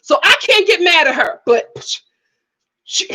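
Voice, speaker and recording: This is a woman with a very high, bright voice that swoops up and down as she reacts live to a show. She talks bluntly and exclaims often, going back and forth with her chat as a streamer. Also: big pitch swings, unhurried, rough recording. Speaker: YouTube host.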